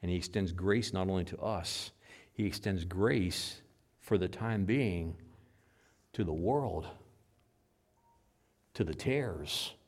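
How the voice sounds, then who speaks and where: A male pastor preaching a sermon to his congregation. He swings from hushed asides to loud, emphatic peaks. He drives his points home by repeating short phrases. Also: sits low, takes it slowly, long pauses.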